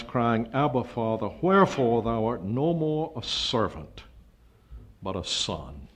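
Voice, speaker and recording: An older man preaching a sermon, emphatic, with his voice rising to loud peaks when he stresses a point. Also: medium pitch, big pitch swings, measured pace, husky. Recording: dull lo-fi sound.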